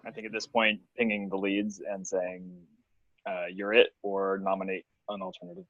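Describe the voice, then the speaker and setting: A man with a somewhat low voice heard over a dull, lo-fi video call line. He chats casually, with dry, wry remarks. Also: moderate pace. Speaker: meeting participant. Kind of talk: casual online meeting talk.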